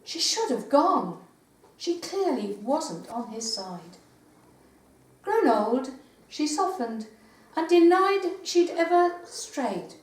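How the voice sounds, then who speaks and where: An older woman poet giving a live poetry reading in a meeting house, with measured recitation and hesitant spoken asides. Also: high voice, sing-song. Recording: roomy live recording from far off.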